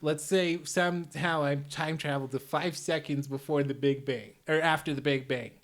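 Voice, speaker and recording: A man's voice: a little high, steady tone, moderate pace, lightly acted. A man voicing a male hero who can undo things, with a Chicago accent and a rambling, thinking-aloud manner. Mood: musing.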